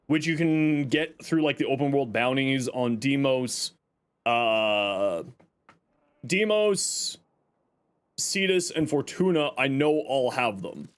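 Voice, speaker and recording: A man streaming a game live, answering chat questions and walking viewers through menus, hedging with frequent fillers. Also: medium pitch. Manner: hedging, unsure of old details.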